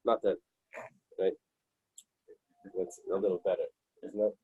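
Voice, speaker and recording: A man teaching a Talmud study group, reading Aramaic lines and then working through them in English. His voice is husky and sits a little low. He restarts his sentences often, and the sound is dry and close. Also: flat delivery, unhurried, no room sound, narrow, tinny audio. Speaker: Talmud class leader.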